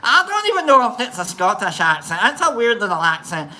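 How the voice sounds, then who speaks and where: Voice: mid-range voice, very animated, fairly quick, bright, forceful tone, slight background noise, low-quality recording. A livestream host chatting casually and greeting viewers by name, rambling and playful, with many fillers and restarts. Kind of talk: casual chat reading viewer comments.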